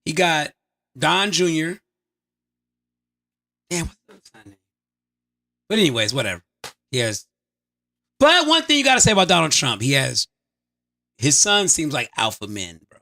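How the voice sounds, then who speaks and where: Lively, gravelly man joking loudly. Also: moderate pace, pauses often. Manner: loud, joking, swings between high yells and low mumbles. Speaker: podcast co-host. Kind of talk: casual podcast banter.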